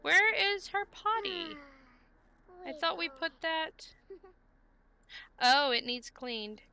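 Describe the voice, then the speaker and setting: A woman's voice: very high-pitched, animated, slow, pushed and bright. A woman streaming a life-sim game, chatting casually and coaxing the characters on screen. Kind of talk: casual gameplay commentary.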